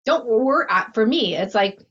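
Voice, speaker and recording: A woman's voice: a little high, animated, unhurried, a bit bright, slightly rough, dull audio. A woman talking casually and animatedly, often laughing and acting out her inner thoughts. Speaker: guest teacher. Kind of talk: casual conversation.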